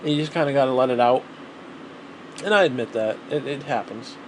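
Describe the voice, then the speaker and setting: A man's voice: mid-range voice, a little fast, slight background noise. A man ranting alone in a vlog, rambling and exasperated, swearing constantly. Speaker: vlogger. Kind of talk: solo rant to camera.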